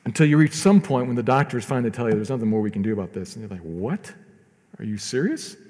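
A male pastor preaching a sermon in a conversational way, swinging between quiet asides and loud emphatic stretches. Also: medium pitch, rapid-fire, big-room sound.

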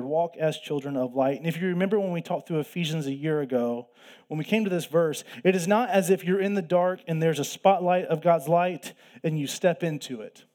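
A man's voice: fairly high pitch, darkish tone. A man preaching a sermon in a conversational, teaching way, emphatic at times and often restarting his sentences. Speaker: pastor.

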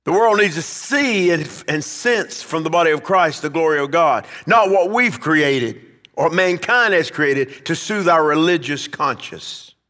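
A man's voice: fairly high pitch, animated, measured pace, pushed and bright, long reverb tail. A man preaching a sermon as pastor, swelling to emphatic peaks as he drives his points home. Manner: preaching, rising and emphatic at climaxes.

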